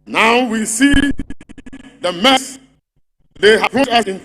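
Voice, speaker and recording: A man's voice: sits high, takes it slowly, pushed and bright, soft background music. A man with a Ghanaian English accent giving a political speech at a party congress, mocking opponents and repeating a refrain. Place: large congress hall. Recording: long reverb of a big hall.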